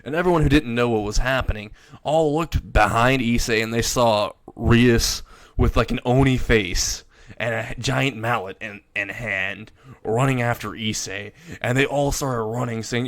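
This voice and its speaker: A man's voice: mid-range voice, normal speed, a bit bright, no echo. A young man casually narrating an improvised fan story, rambling and crude, laughing at his own jokes.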